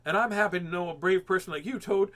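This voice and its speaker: A man voicing a shy, gentle male frog who stammers in a small, hesitant voice for a storybook read-aloud. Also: sits high, quick pace, pitched above the performer's own voice.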